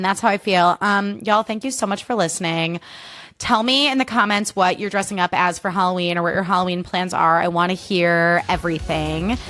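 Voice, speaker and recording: Woman, young adult, podcast host, chatty, profane, mid pitch, dry sound. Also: a little fast, fairly bright tone, dry recording. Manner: candid, chatty, swears freely. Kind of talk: casual solo podcast chat.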